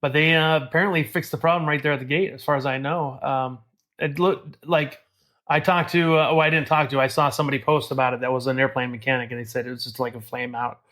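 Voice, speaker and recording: Man, mid-pitch, candid opinionated co-host, easy laugh. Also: fairly even intonation, quick pace, fairly bright tone. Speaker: podcast co-host, airport bartender. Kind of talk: casual chat.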